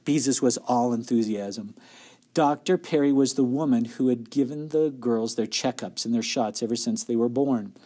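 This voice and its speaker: A man's voice: mid-range voice, normal speed, mellow. Man reading a children's book aloud. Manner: friendly asides to young listeners. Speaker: storybook reader.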